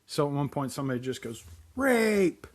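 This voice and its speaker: A man's voice: a little high, animated, measured pace. A man co-hosting a podcast, laid-back, mostly answering with short replies. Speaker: podcast co-host. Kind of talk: casual chat.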